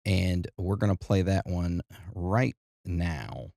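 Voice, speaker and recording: A man's voice: low voice, slow pace, creaky, dark tone, dry recording, studio quality. A man co-hosting a podcast, talking in a laid-back, conversational way as he leads each segment. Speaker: podcast co-host. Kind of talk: casual chat.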